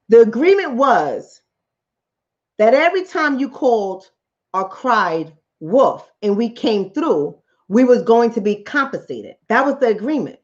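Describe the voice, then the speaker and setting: A woman tells a political fable on her own channel, jumping into character voices as she goes. Her voice sits high and swings widely in pitch. The recording is slightly dull and lo-fi. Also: moderate pace. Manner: animated storyteller acting out characters' lines. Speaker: channel host, relationship coach. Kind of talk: political commentary told as a fable.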